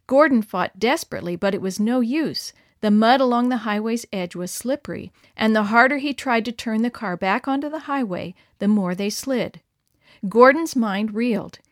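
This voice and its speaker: A woman narrating a story in a clear, expressive read-aloud manner. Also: on the high side, normal speed, no echo, studio quality. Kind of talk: scripted narration.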